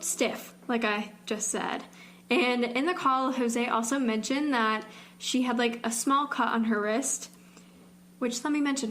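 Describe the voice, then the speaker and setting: A woman's voice: fairly high pitch, fairly bright tone. A young woman co-hosting a podcast, chatting casually about a true-crime case and filling her speech with "like". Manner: rambling, fills speech with "like". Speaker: podcast co-host.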